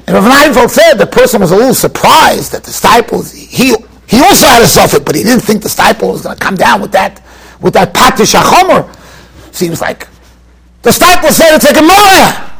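High-voiced emphatic rabbi lecturing. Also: male voice, fairly bright tone, husky, low-quality recording. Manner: emphatic storytelling, mixing Yiddish and Hebrew terms. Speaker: rabbi giving a Torah class. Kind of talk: yeshiva Torah lecture. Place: study hall in a yeshiva.

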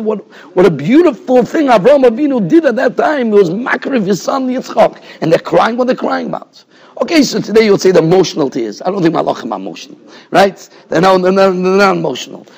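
A husky-voiced man, a rabbi teaching a Torah class in a yeshiva. His voice sits high for a man. He explains at length and keeps checking in with his listeners. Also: darkish tone. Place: yeshiva study hall.

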